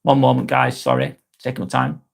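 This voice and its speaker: A man's voice: medium pitch, very animated, vocal fry. Frank, swearing man. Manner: frank and heavy with swearing, halting restarts; earnest and sympathetic. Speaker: live vlog host. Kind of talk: casual live-stream chat.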